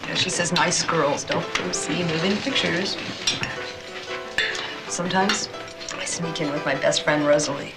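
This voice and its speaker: A coy young stenographer. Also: female voice, low voice, measured pace, long pauses. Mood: wistful. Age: young adult. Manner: teasing and coy. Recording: film scene with music behind.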